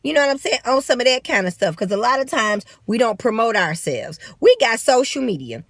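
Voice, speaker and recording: A woman's voice: on the high side, very animated, brisk, no room sound. A woman with a St. Louis accent giving blunt, profane, emphatic motivational talk in a vlog, recorded on a phone. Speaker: vlogger.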